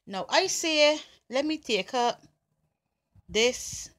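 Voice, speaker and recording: A woman with a Barbadian accent, talking casually and deliberately through an accent challenge. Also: sits high, expressive, a bit bright. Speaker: vlogger.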